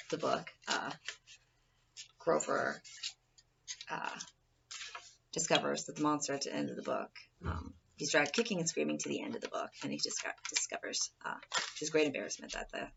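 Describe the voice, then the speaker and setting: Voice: medium pitch, creaky, highs cut off, background noise. A person giving an informal presentation speech in a rambling, casual way, often restarting sentences, recorded from a distance.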